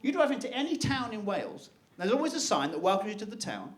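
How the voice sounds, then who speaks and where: A man doing live stand-up, chatty and self-mocking, throwing quick asides to the crowd. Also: high voice, sing-song. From Staffordshire, England. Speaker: stand-up comedian. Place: live comedy venue. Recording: echoey venue with loud crowd laughter. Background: audience laughter.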